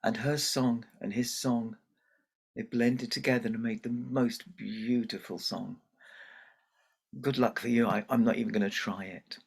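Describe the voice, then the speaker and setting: A man telling a folktale at a storytelling festival, gentle and unhurried with self-deprecating asides. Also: mid-range voice, fairly even intonation, vocal fry, husky. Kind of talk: oral storytelling performance.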